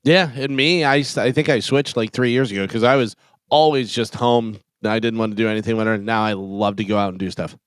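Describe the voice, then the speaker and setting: A man in a mid-range voice co-hosts a radio show, chiming in with quick agreements and jokes of his own. His voice is smooth and clear, close and dry on the studio mic. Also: on the low side, fairly even intonation, dry recording. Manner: chatty, quick to agree and riff. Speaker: radio co-host. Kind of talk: casual studio banter.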